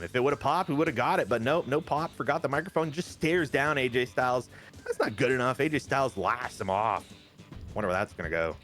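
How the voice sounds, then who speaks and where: A young man casually commentating a wrestling management game, excitable and joking, with swearing. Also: mid-range voice.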